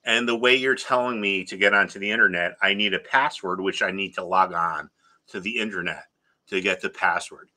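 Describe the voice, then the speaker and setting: A middle-aged man hosting a trading channel, telling a story in an exasperated, lively way before moving on to a stock lesson. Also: sits low, fairly quick. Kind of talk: casual ranting vlog and trading lesson.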